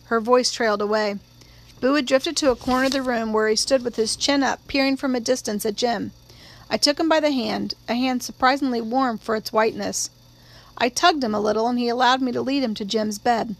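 A woman reading a novel aloud in calm, measured audiobook narration. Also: a little high, rough recording. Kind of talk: scripted narration.

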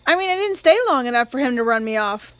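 A woman's voice: fairly high pitch, expressive, fairly bright tone, no echo. A woman voicing a frightened, polite young defendant. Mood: fearful. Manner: humble, respectful, slow. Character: gentle young Black man on trial, polite and frightened.

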